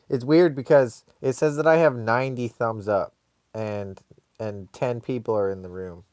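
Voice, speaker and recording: A laid-back man hosts a casual live stream, drawling slowly as he reads viewer comments aloud and rambles between them. His voice sits at an ordinary middle pitch, and the sound is close and dry with no room around it. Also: a little mellow, no room sound.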